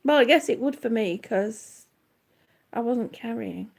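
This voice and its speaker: A high-pitched woman, out of breath, chatting slowly and easily to viewers on her livestream. She talks in unhurried, looping sentences, trailing off and starting over as she reads their comments and greets them one by one. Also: expressive, gravelly, a little mellow. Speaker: livestream vlogger. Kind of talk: casual livestream chat reading comments.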